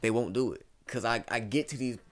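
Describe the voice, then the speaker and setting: A young man in his twenties from Ohio, USA, is a guest in a casual interview. His voice sits at medium pitch with fairly even intonation, and he talks fairly quickly. He rambles through stories and says "bro" constantly.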